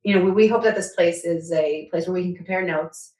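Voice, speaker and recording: A woman co-hosts a podcast in casual, heartfelt conversation, speaking in a low register. She rambles warmly and emotionally, leaning on "like" and "you know". Her voice rings in a roomy, echoey space. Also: brisk. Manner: emotional, rambling, many "like" fillers. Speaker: podcast co-host.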